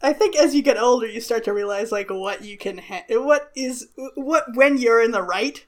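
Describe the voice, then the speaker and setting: A woman with a mid-range voice talks in relaxed, casual chat. She laughs a lot and tends to weigh in with calm, reflective points. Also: a little high, normal speed.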